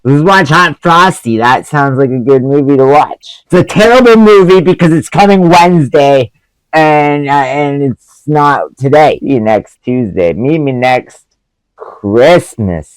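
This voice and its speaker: A man's voice: on the high side, measured pace, clean tone, no echo, rough recording. A man reviewing movies in a profane, sarcastic comedic rant. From Canada.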